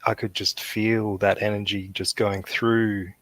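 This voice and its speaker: A man hosting a livestream over a video call, talking in a relaxed, drawn-out way. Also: lowish voice. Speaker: livestream host. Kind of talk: casual livestream chat.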